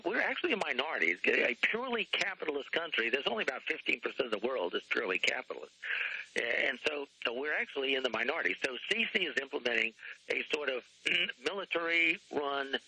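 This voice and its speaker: A man with a sharp, tense and husky voice, talking as a guest author on a radio talk show. He rambles, clears his throat often and spells out names letter by letter. The sound is dry and close. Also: mid-range voice, dry recording, poor audio.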